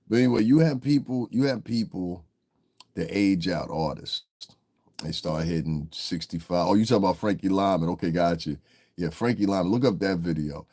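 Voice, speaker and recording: A man's voice: low voice, warm tone. A man hosting a casual livestream, laid-back and chuckling as he talks to his chat. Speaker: livestream host.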